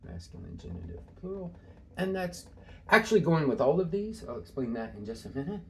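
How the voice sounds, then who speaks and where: A man teaching an informal screen-share lesson in a relaxed way, with many filler sounds, slowing down to stress key terms. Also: a little high, slight background noise.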